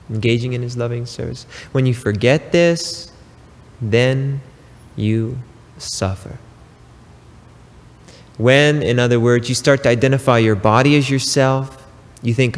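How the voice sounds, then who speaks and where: A man giving a spiritual talk, preaching slowly and emphatically with pauses and casual asides. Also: medium pitch, long reverb tail. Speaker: spiritual teacher.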